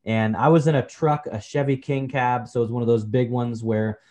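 A man in his forties, a podcast guest, telling personal stories in a relaxed, chatty way, often saying "you know" and calling the host brother. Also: mid-range voice, brisk. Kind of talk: personal storytelling in a conversation.

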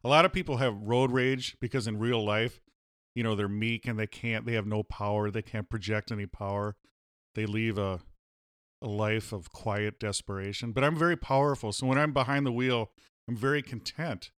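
A man's voice: fairly low pitch, fairly even intonation, moderate pace, clear, resonant tone, dry recording, clean studio sound. A man co-hosting a casual comedy podcast, joking in a mock-boastful, playful way. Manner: mock-boastful, playful, breaks into loud silly voices. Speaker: podcast co-host.

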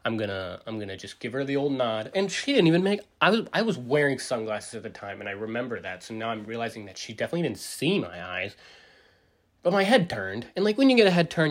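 A man in his forties rambling through a casual solo podcast monologue, full of fillers and restarts, jumping up in pitch to act out what others said. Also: big pitch swings, fast. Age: 40s. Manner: acts out quotes with big pitch jumps. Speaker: podcast host.

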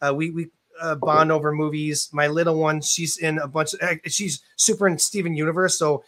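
A man in his forties hosting a casual interview, relaxed and chatty with plenty of "uh" fillers. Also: a little high, brisk. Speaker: interview host.

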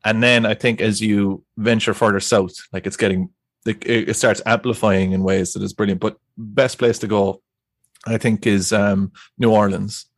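Animated Irish man telling stories. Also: lowish voice, normal speed, dry recording, clean studio sound. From Ireland. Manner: rambling, animated, laughs through his stories. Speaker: guest. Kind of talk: casual storytelling chat.

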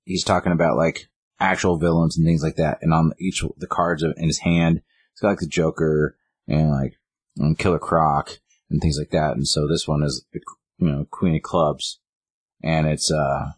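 A man's voice: extremely low pitch, fairly even intonation, normal speed, husky. A man co-hosting a casual podcast, rambling through a comic's plot and acting out the quotes. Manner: rambling, acts out quotes with "he's like". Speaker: podcast co-host. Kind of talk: casual chat retelling a comic.

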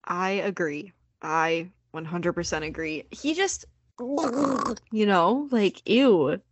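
A woman's voice: lowish voice, slow, no room sound. Playful woman co-host, dry close mic. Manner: playful, exaggerated agreement. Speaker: podcast co-host. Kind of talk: casual movie review chat. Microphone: remote podcast mic, no camera.

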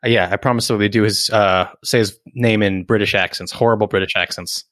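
A man co-hosting a podcast in casual chat, lively and quick to joke. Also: on the low side, no echo, studio quality. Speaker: podcast co-host.

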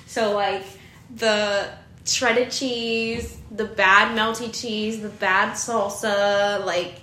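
A woman's voice: mid-range voice, fairly even intonation, extremely slow, sharp tone, reverberant, a little hiss or hum. A young woman co-hosting a casual chat, gushing about food and laughing often. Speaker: podcast co-host.

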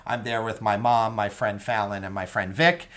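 A man's voice: lowish voice, steady tone, normal speed, a bit bright. A young man hosting a solo podcast, chatting casually and enthusiastically with many ums and asides to his listeners. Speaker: podcast host.

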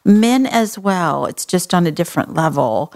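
A Texan woman hosting an advice talk, speaking frankly and with compassion. Her voice sits low and carries a gravelly fry. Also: animated, normal speed, a little mellow. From Texas. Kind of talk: advice talk show conversation.

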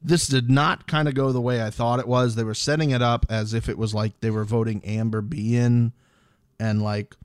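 A man's voice: medium pitch, fairly even intonation, moderate pace, smooth, no echo. Chill guy on a reality tv podcast, lots of ums and likes, dry mic. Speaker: podcast co-host. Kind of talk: casual reality TV recap chat.

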